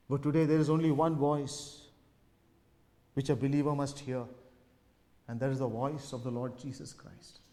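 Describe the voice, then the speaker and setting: A man delivers a sermon in a gospel hall, his voice sitting fairly high for a man. He preaches with emphatic, repeated phrases that swell and then drop away. Long reverb trails behind each line. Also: dark tone. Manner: emphatic, repetitive preaching with rising and falling emphasis.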